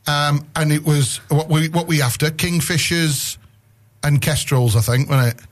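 A man's voice: on the high side, fairly even intonation, a little slow. A male radio host chatting loosely in a studio, rambling and correcting himself as he goes. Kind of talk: casual studio banter.

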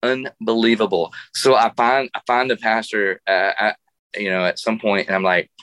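A man's voice: fairly low pitch, steady tone, normal speed, a bit bright, clear, resonant tone, no room sound. A middle-aged man, a guest musician, telling a funny story in a radio interview, laughing often and restarting his sentences.

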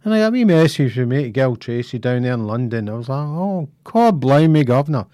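Scottish man, middle-aged, radio presenter, jokey shout-outs, animated pitch, dry close sound. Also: fast talker, dry recording. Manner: chatty, jokey, drops in rhyming slang.

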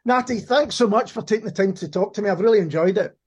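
A man's voice: high voice, quick pace, husky, muffled recording. A man hosting a casual interview in an easygoing way, often stumbling over the first words of a phrase. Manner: easygoing, stammers at the start of phrases. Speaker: interview host.

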